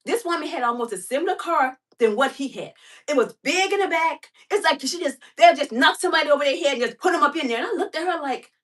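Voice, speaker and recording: A middle-aged woman vlogger telling a story in a casual, animated way, repeating herself and acting out quotes. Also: high-pitched, fast, recorded from a distance.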